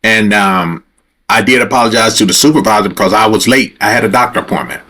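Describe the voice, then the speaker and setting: Talking fast in a fairly low, pushed and bright voice, a man hosting a livestream rambles through a story straight to his viewers. Retelling a confrontation, he grows heated and profane.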